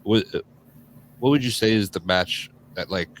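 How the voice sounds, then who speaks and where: Man, very deep voice, podcast host, casual, lots of "like" fillers, faint background hiss. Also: normal speed. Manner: loose, filler-heavy, frequent "like". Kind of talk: casual interview chat.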